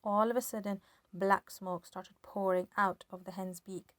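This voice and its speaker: A woman's voice: medium pitch, a little slow, no echo. Woman reading a children's book aloud. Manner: lively expressive storytelling. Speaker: storybook reader.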